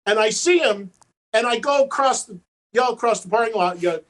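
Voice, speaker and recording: A man's voice: extremely high pitch, normal speed. A man who is a guest on a talk show, telling a story at length and acting out the people in it. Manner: animated storyteller, fond of quoted voices. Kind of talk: casual storytelling.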